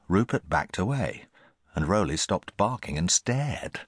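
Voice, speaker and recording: A man reading a children's audiobook in scripted, expressive narration on a close studio mic. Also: deep voice, a little slow, husky, dry recording. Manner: expressive storytelling.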